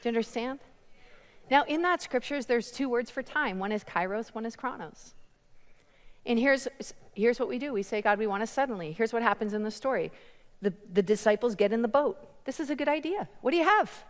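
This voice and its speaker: A woman preaching a sermon, telling a story with animated quoted voices and laughter between lines. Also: high voice, a little fast, long reverb tail.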